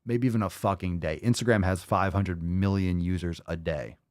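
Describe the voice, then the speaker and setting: Low-voiced sarcastic podcast host man. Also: normal speed. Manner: mocking, profane, sarcastic. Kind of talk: casual podcast reaction commentary.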